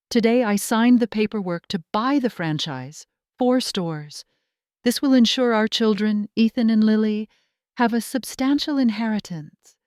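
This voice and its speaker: Woman doing a reserved middle-aged husband, calm, gentle, measured, audiobook story. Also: medium pitch, dry recording, clean studio sound, lightly acted.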